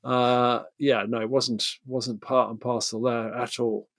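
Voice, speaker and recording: A man's voice: mid-range voice, little pitch movement, unhurried, fairly bright tone, dry recording. Man, middle-aged, from Britain, therapist, hesitant, thoughtful, dry recording. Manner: thoughtful, hesitant, with many fillers. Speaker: therapist guest. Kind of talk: casual conversation.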